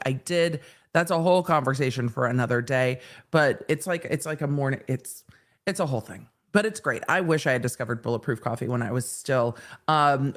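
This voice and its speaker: A woman hosting a casual livestream, playful and excitable, reading viewer comments aloud into a studio mic. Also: low voice. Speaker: legal commentator, host. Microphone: studio microphone.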